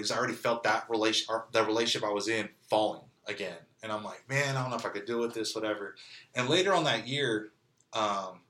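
As an interview guest sharing his testimony, a California man tells his story casually, candid and conversational, with frequent "like" and "you know." His voice is lowish with a fairly bright tone.

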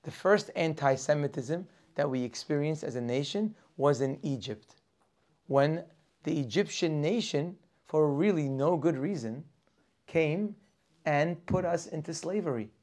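A man teaching a lively weekly Torah class, full of rhetorical questions and acted-out characters. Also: on the high side, a little slow.

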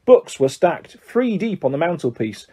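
A man reading a children's fantasy story aloud, narrating in a steady, measured way. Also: fairly high pitch, slightly rough. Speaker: audiobook reader.

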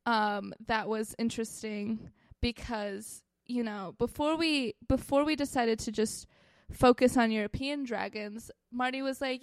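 A woman's voice: fairly high pitch, unhurried, few pauses, no echo. A woman co-hosting a comedy podcast, chatting playfully in a put-on British accent and poking fun at herself. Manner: playful, giggly, self-mocking. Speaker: podcast co-host. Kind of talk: casual comedy podcast chat. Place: home setup, apart from co-host.

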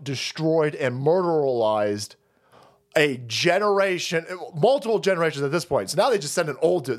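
A man hosting a political livestream, ranting in a heated, profane way. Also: on the high side. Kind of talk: ranting political commentary stream.

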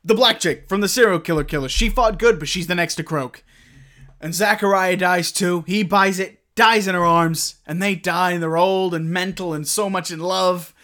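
Man, animated monologue reader, crude, loud peaks. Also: high voice, normal speed. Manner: animated, swearing, rising to shouts. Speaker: performer. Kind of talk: performing a film monologue.

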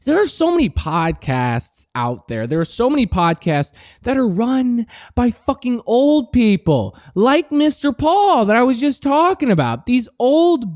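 Young guy, late teens, brash and cocky, swearing rant, pitch leaps all over, dry close sound. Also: big pitch swings, unhurried, few pauses, a little mellow, no room sound. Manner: brash, profane and mock-arrogant. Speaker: podcast host. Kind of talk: comic ranting monologue.

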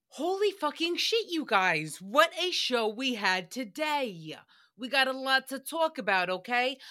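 A woman hosting her own podcast, talking solo in a brash, profane, animated way as she tells stories. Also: fairly high pitch. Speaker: podcast host. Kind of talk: casual solo podcast chat.

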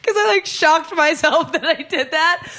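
A young woman in casual chat, telling stories in an animated way, swearing and acting out what people said. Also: extremely high pitch, moderate pace. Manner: animated storyteller, swears, acts out quotes.

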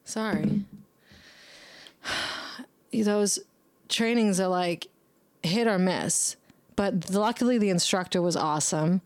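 A young woman with a lowish voice hosting a loose, casual monologue. She talks bluntly, drops curses freely and rambles from one aside to the next. She sounds dry and close, with no room echo. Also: a little mellow. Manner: swears heavily, rambling and blunt; talks back to herself by name. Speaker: podcast host.

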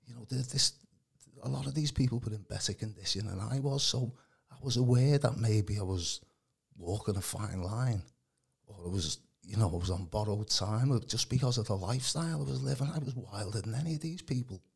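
A gravelly, very husky man's voice, lowish in pitch, moves briskly through a rambling, filler-heavy testimony. He is a podcast guest from Birkenhead, England, speaking casually.

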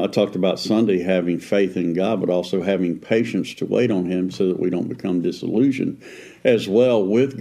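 A man's voice: deep voice, creaky, warm tone. A man co-hosting a faith podcast, talking in an earnest, conversational way with frequent restarts. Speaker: pastor and podcast co-host.

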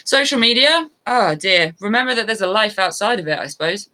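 Bright, chatty woman. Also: mid-range voice, expressive, normal speed, low-quality recording. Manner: chatty, laughs easily, rambling. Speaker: guest, adventure motorbike rider. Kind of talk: casual interview chat.

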